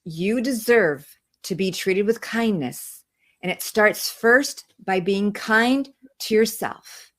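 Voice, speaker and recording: A woman's voice: medium pitch, slow, fairly bright tone. A woman, a guest on an interview show, telling her personal story in an earnest way and repeating phrases for emphasis. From outside the United States. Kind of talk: emotional personal testimony.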